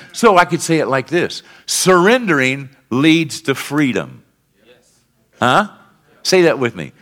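A male pastor preaching a sermon, calling out to the congregation for responses and swinging between fervent peaks and quiet lows. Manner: rises to fervent emphatic peaks, then drops low and quiet.

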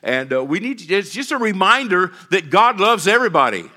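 A man's voice: high-pitched, sing-song, fairly quick, bright, forceful tone. A middle-aged man, a pastor, preaching a sermon with emphatic repeated phrases and call-and-response with his congregation.

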